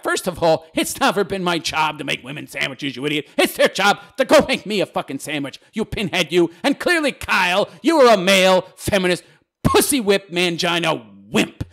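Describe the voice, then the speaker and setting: A man delivers a combative, sarcastic rant as he answers viewer comments. His voice is gravelly with heavy vocal fry, and it sits fairly high for a man. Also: a bit bright. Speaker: channel host reading viewer comments. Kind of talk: ranting commentary.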